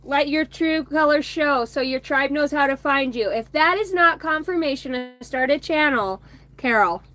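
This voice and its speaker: A woman's voice: high-pitched, moderate pace, pushed and bright. Rambling woman doing a card-reading chat. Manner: rambling, swearing, laughing between remarks. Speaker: oracle card reader streaming to viewers. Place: outdoors by a bonfire at home.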